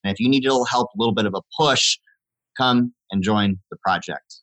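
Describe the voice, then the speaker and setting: A man who is a fitness instructor, speaking as a guest on a podcast in a measured, earnest way. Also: medium pitch, a bit bright, low-quality recording. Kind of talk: podcast interview talk.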